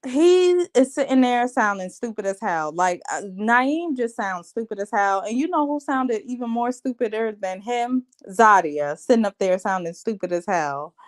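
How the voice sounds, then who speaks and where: Woman ranting about a reality show recap, sassy and blunt, kinda high voice, slangy, calls you babe. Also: animated, moderate pace, hardly any pauses. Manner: talks straight to viewers, calls them babe and child. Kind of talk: casual review rant.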